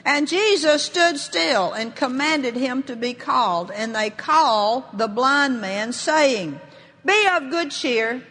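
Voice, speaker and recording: A woman's voice: high voice, lively intonation, takes it slowly, few pauses, a bit bright. A woman preaching a sermon, reading scripture aloud and rising into bold, emphatic proclamation. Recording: long reverb of a large hall.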